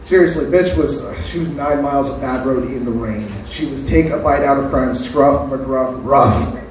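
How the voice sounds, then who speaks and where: A man's voice: mid-range voice, moderate pace, a little hiss or hum. Crude stand-up man in echoey room. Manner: crude, self-deprecating punchlines. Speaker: stand-up comedian. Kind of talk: open-mic stand-up set. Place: open mic night venue. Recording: echoey room, mic far off.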